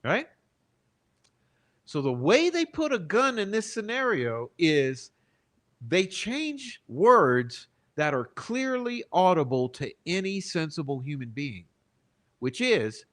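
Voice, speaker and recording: Brief: male true-crime commentator, slow and deliberate, pitch swinging widely as he leans on words. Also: big pitch swings, fairly bright tone. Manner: emphatic, rhetorical, seeks agreement with repeated "okay?" and "right?"; deliberate, stretches key words for emphasis. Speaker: channel host and commentator. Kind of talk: true-crime commentary reading trial testimony.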